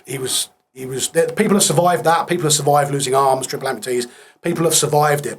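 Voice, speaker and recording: A man in his thirties, appearing as a podcast guest, talks about a war injury. His medium-pitched voice is slightly rough, and his casual, plain-spoken delivery is subdued, trailing off at times.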